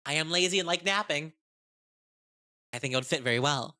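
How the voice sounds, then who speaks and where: A woman chatting excitedly about a tabletop game, profane and rambling, often restarting her sentences. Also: sits low, a little fast. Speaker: game content creator. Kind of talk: casual tabletop game review.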